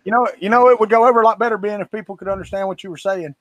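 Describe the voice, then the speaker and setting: A man's voice: high voice, fairly even intonation, very fast, a bit bright, no room sound. A man from Florida with a Southern accent, co-hosting a livestream in casual, teasing, rambling chat. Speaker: co-host of a livestream.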